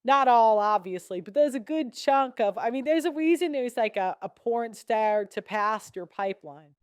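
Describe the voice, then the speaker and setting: Young woman ranting on her podcast, sarcastic and blunt, smooth higher voice, dry sound. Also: animated, moderate pace, darkish tone, dry recording. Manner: blunt, sarcastic, laughs between points. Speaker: podcast host. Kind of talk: casual opinionated commentary.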